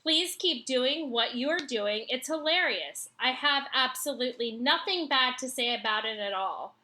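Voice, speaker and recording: A woman on a comedy podcast reading listener letters aloud in a measured, amused way. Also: sits high, lively intonation, bright, forceful tone.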